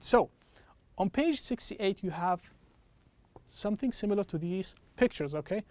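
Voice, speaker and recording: Patient high-voiced male English teacher. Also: no echo. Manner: patient, repeats "okay?" after each point; slows right down to model example phrases. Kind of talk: pronunciation lesson.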